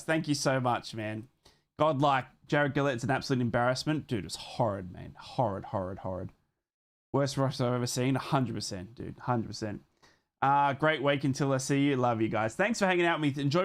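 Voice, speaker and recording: An Australian man hosting a live football watchalong, calling the match with loud fan excitement and giving slangy thank-yous to his viewers. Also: mid-range voice. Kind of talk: live fan commentary and stream sign-off.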